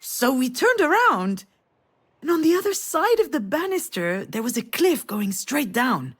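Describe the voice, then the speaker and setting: A woman's voice: high-pitched, big pitch swings, a little slow, husky, heavily acted. An actress playing a mother who recalls a family memory in an intimate, storytelling manner for a game. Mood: nostalgic. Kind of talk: game voice acting.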